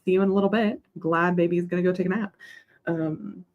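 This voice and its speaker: A woman's voice: fairly low pitch, fairly even intonation, quick pace, narrow, tinny audio. A young woman hosting a casual co-working stream. She rambles between chat messages and coos at her dog. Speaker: writing livestream host.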